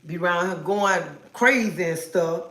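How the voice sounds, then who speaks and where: A talkative woman hosts a relaxed livestream from her home, teasing and scolding her viewers with sass. Her voice carries a noticeable roomy echo, as if she is talking into a phone in an open room. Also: lowish voice, measured pace. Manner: sassy, chatty, scolding viewers playfully. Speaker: livestream host. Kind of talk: casual livestream chat with viewers.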